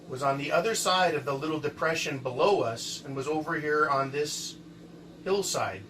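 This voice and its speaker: Bright-voiced man telling a story. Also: mid-range voice, far from the mic, slight background noise, low-quality recording. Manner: animated, repeats words, keeps asking right?. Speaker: vlogger telling a personal encounter story. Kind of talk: casual first-person storytelling.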